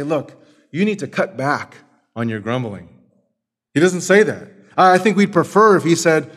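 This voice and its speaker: A man preaching a sermon as pastor, emphatic and building up force as he lists point after point. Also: mid-range voice.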